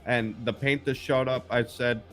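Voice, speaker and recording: A man hosting a casual live chat, telling stories in a blunt, profane, animated way. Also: medium pitch, moderate pace, soft background music. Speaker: host.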